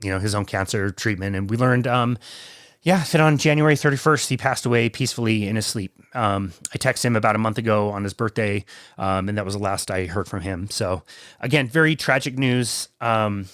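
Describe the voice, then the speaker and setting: A man hosting a podcast, talking casually and emotionally in a tribute, halting with many fillers and near tears. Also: on the low side, fairly bright tone, no echo, studio quality. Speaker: podcast host.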